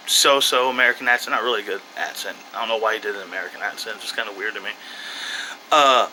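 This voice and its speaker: A man's voice: medium pitch, sharp tone, slight background noise, poor audio. A man giving a casual, off-the-cuff movie review in a rambling way, with frequent restarts and asides.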